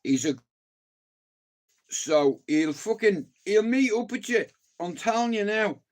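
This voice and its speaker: A man's voice: high-pitched, animated, slow pace, a little mellow. Swearing Dublin man on a livestream. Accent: Dublin Irish. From Dublin, Ireland. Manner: swearing, rambling, slangy. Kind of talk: casual livestream chat to viewers.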